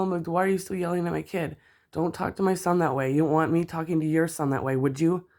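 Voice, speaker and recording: A furious mother vents straight to the camera, swearing in nearly every sentence. Her voice jumps up loud and sharp, then sinks low and bitter, as if she is still working herself up. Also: fairly quick. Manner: heated, profane, swears constantly. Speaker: mother venting about another parent. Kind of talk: angry rant vlog.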